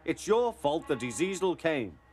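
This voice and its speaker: A man doing a squeaky little twin engine. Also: very animated, darkish tone, soft background music. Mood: cheeky. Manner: squeaky, quick to blame. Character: cheeky little boy tank engine twin.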